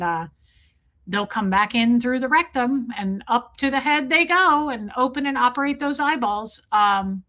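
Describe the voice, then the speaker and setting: A woman hosting a livestream, telling a wild story to her chat in an animated way, full of "like" and swearing. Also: a little high. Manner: animated, lots of "like" fillers and cursing. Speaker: livestream host. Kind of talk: casual storytelling to a live chat.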